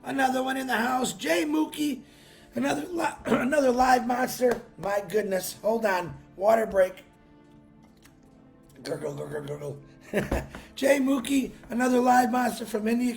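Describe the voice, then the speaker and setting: A man hosting a live stream, chatting casually and greeting viewers by name with upbeat bursts, his voice worn from a long weekend. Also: very high voice. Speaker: livestream host.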